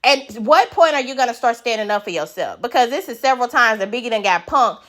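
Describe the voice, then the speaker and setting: A woman's voice: fairly high pitch, quick pace. A woman giving a casual, blunt recap of a reality show, swearing freely and acting out the cast's lines. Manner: animated, blunt, swears, acts out quotes in a raised voice.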